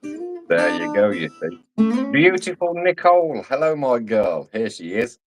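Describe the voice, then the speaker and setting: A man's voice: mid-range voice, huge pitch swings, a little slow, over music, poor audio. A Scottish man in casual chat, talking emphatically and repeating his points in a lecturing way. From Scotland. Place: home.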